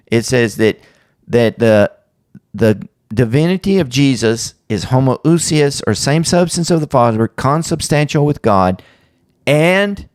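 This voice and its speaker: A man hosting a podcast, explaining church history and theology in a casual teaching chat with quick asides. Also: fairly high pitch, dry recording, clean studio sound.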